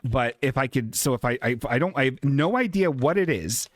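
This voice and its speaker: A man's voice: mid-range voice, expressive, moderate pace. A man hosting a comedic live-stream show who talks in a rambling, flustered, jokey way. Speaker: host.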